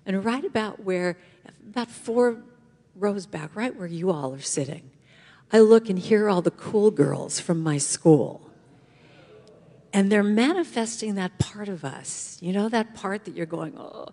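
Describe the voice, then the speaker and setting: Woman guest speaker, middle-aged, lively storyteller, voice ringing in a big hall. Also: medium pitch, unhurried. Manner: animated storyteller acting out voices. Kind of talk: inspirational talk to a congregation. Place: large church hall. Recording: long hall reverb.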